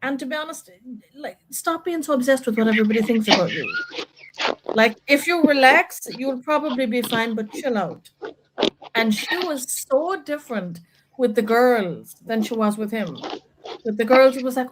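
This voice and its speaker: A woman's voice: on the high side, moderate pace, noisy background. A woman hosting a casual live chat about a reality show, opinionated and chatty, with lots of fillers.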